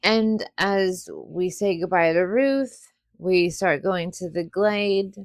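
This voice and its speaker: A woman's voice: on the low side, slow pace, dry recording, clean studio sound. A woman co-hosting a podcast, casually retelling an episode's plot with quoted asides. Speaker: podcast co-host. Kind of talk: casual recap chat.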